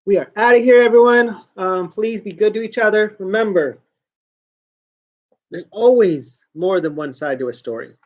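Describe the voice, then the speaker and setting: A man's voice: sits high, moderate pace. Rambling joking man, dull lo-fi sound. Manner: rambling, joking, self-mocking, trails off and restarts. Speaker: host of a joke news show. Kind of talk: casual rambling talk to camera. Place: at home.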